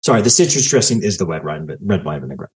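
A man hosting a podcast in casual chat, with a teasing, deadpan sarcastic manner. His voice swings widely in pitch as he jokes. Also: fast talker. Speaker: podcast host.

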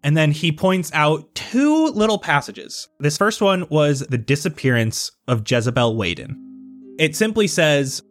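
A man's voice: on the high side, very animated, a little slow, no room sound, clean studio sound, soft background music. Man running a tabletop game. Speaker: game master.

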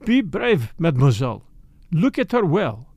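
A man voicing a shrewd older detective who asks questions gently and formally in an audiobook. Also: on the high side, sing-song, normal speed, no echo, studio quality. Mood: probing.

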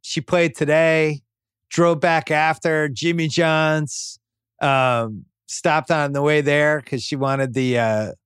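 A man in his fifties hosting a podcast, telling relaxed, rambling anecdotes in casual chat. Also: a little high, takes it slowly, clear, resonant tone, dry recording, clean studio sound. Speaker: podcast host.

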